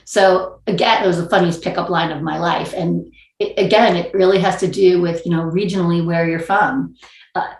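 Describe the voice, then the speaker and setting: A woman's voice: lowish voice, steady tone, normal speed, creaky, reverberant. A woman from New York with a New York accent, speaking as a panelist in a video-call panel discussion, thoughtful and wordy with many restarts.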